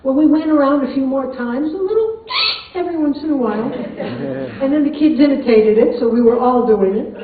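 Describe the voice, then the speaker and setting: A woman's voice: sits high, fairly quick. An older woman telling a personal story to a live audience, chatty and amused, often laughing. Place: performance hall. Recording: tinny, echoey hall, far from mic.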